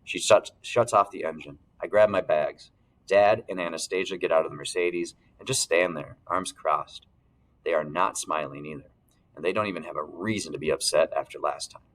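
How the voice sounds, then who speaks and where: A man reading a first-person novel aloud as narrator, steady, clearing his throat now and then. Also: sits low, fairly quick, poor audio. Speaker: audiobook narrator.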